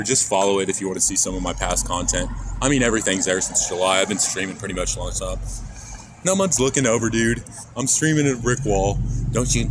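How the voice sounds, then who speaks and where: IRL streamer, man from Kansas, lowish voice, loose profane rambling to chat, phone mic, loud traffic behind. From Kansas, USA. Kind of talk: casual live-stream chat while walking. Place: outdoors on city streets. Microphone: handheld phone. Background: traffic and street noise.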